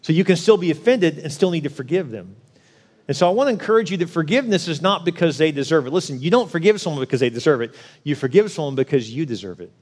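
A man's voice: fairly high pitch, big pitch swings, quick pace. A man preaching a sermon, telling a story earnestly and with emphasis before urging listeners to pray and forgive. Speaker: pastor.

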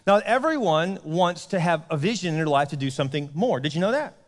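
A man's voice: on the high side, expressive, fairly quick. A man preaching a casual, joking sermon as pastor, telling a story and acting out the characters' voices. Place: church sanctuary. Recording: long hall reverb.

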